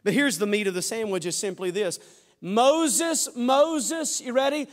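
A male pastor with a very high voice preaches fervently, rising to shouts and then dropping to quiet, joking asides. His folksy delivery rings through a large church sanctuary. A long reverb trails every phrase. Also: lively intonation, fast. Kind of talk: sermon.

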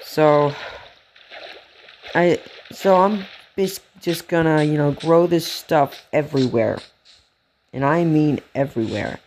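A man giving casual, rambling commentary while playing a game, gasping and getting excited at cute animals. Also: fairly high pitch, slow, pauses often, slight background noise. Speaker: let's play gamer.

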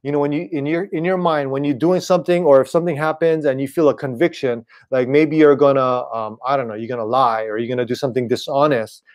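A man preaching an online sermon in a relaxed, conversational way, often checking in with "right?". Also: medium pitch, quick pace, few pauses. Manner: casual, repeats "right?" and "you know". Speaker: pastor.

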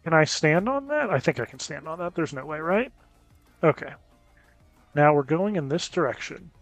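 A man giving casual gameplay commentary as a gaming YouTuber, chatting with viewers and reacting out loud to close calls. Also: a little high, lively intonation, moderate pace, no echo, soft background music. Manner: chatty, reacts loudly to near misses.

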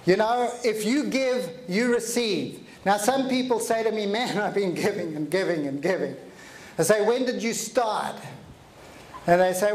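High-voiced middle-aged motivational speaker, echoey room. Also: male voice. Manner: energetic, audience call-and-response. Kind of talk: live workshop presentation.

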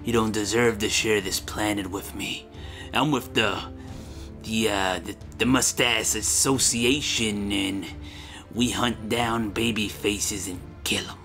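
A man putting on a deep, growling mustached warlord. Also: steady tone, slow pace, bright, forceful tone, soft background music, exaggerated voice. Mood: angry. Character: furious mustached male warlord, menacing. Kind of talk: comedic game commentary.

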